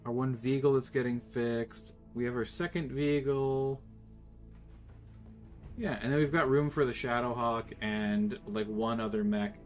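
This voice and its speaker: A young man casually commenting on his gameplay and reading game text aloud, excitable and swearing now and then. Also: mid-range voice. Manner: excitable, swears, reacts loudly.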